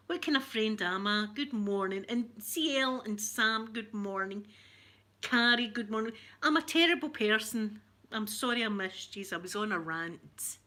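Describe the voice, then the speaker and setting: A middle-aged Scottish woman hosts a casual livestream, rambling chattily in a live-chat rant, laughing often and greeting viewers by name. Her voice is medium-pitched, pushed and bright.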